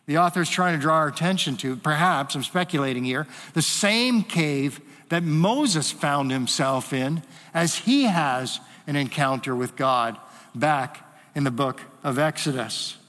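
Animated pastor in a reverberant hall. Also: male voice, on the high side, measured pace. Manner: animated, acts out quoted voices. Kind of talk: sermon. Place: church hall with a screen.

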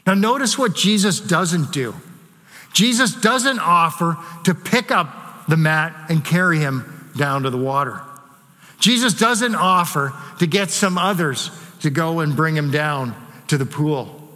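A man's voice: fairly high pitch, lively intonation, measured pace, bright, forceful tone. A man preaching a sermon, talking conversationally and asking the congregation rhetorical questions. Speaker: pastor. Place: church sanctuary. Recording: long hall reverb.

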